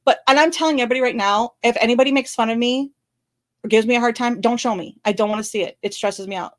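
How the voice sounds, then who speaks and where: Tearful woman talking fast and bluntly. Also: on the high side. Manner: fast, blunt, candid talk with many apologies and restarts. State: tearful, crying on and off. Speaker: channel host commenting on a legal case. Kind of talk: emotional live-stream commentary. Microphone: camera recording.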